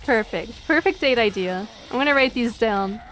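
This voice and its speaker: A woman's voice: a little high, expressive, normal speed, fairly bright tone, a little hiss or hum. Giggly young woman chatting while gaming. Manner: chatty, giggly, self-deprecating. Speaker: streamer. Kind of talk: casual chat over gameplay.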